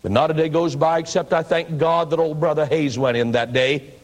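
A man's voice: a little high, steady tone, brisk. A man preaching in a reflective, conversational storytelling manner. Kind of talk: storytelling sermon.

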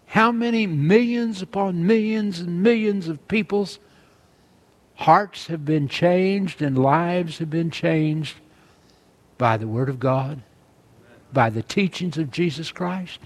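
A man preaching a sermon, earnestly reading scripture aloud and driving his points home with emphasis. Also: fairly high pitch.

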